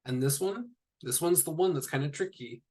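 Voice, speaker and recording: A man teaching a recorded lesson in a relaxed, explaining way, with fillers and small asides. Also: on the high side, moderate pace, slightly rough.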